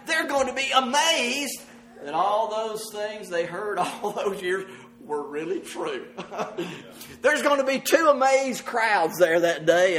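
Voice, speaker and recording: High-voiced preacher man. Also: fairly bright tone. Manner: earnest, laughs often while preaching. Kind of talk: sermon. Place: church service with congregation.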